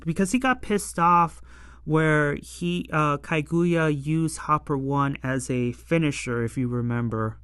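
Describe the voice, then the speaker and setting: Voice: medium pitch, unhurried, fairly bright tone, clear, resonant tone, no room sound, studio quality. A show reviewer recapping an episode in casual, rambling talk full of fillers and exasperated asides. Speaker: anime and tokusatsu episode reviewer.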